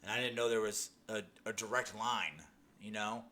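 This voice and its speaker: A man's voice: on the low side, fairly even intonation, moderate pace, bright, forceful tone, a little hiss or hum. Earnest young man telling his story. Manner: earnest storytelling, many restarts and "you know"s. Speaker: testimony speaker. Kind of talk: personal faith testimony.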